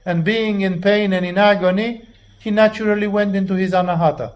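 Man preaching in blunt, animated style. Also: high voice, a little fast. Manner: animated, acts out voices of biblical figures, blunt and profane. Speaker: religious teacher. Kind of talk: informal sermon on the Gospel.

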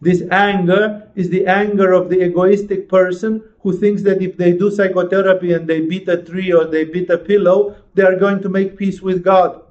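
Male spiritual teacher, fervent and rhetorical, a touch high-pitched; muffled lo-fi recording. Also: flat delivery, moderate pace, few pauses, darkish tone. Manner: passionate, rhetorical questions, acts out inner voices. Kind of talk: sermon-like lecture.

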